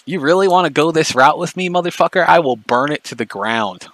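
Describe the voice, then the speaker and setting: A man's voice: a little high, expressive, a little fast, a bit bright, no echo, low-quality recording. A man ranting angrily on a livestream, profane, mocking and confrontational. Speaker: streamer. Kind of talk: angry livestream rant.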